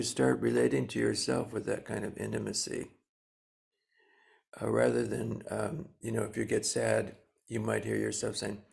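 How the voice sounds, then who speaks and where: An older man in his seventies gives a dharma talk in a low voice with a heavy gravelly fry. He moves slowly and gently, stopping often to search for words. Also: flat delivery. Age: 70s. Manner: slow, gentle, pausing with many fillers. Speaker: Zen teacher.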